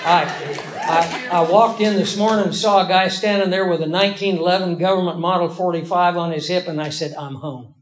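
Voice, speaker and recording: Male preacher, high voice, folksy and emphatic, lets key lines hang slowly. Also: fairly even intonation, a crowd in the background. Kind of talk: sermon.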